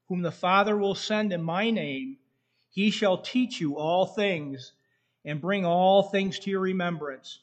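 A man preaching a sermon in a slow, earnest way, reading scripture aloud, with a slight whistle from his tooth. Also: high voice.

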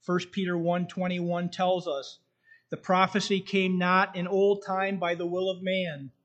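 A male preacher delivering a sermon in a somewhat high voice. He reads scripture slowly and earnestly, and a faint whistle comes from his tooth. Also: monotone, a bit bright. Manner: slow, earnest delivery, reading scripture aloud.

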